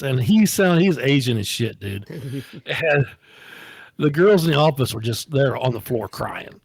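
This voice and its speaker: A man casually telling prank phone stories on a podcast, often jumping into a high voice for his quotes. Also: animated, a little slow, gravelly, slightly rough, dry recording, studio quality. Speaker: podcast co-host. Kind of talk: casual storytelling.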